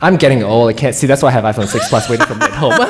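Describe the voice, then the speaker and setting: A woman hosting a loose chat, teasing her guests and wandering into side stories. Her pitch rises and falls a lot. Her voice rings with a long reverb. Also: wildly swooping pitch, background noise. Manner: chatty, teasing, quick asides. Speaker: host. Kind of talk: casual chat.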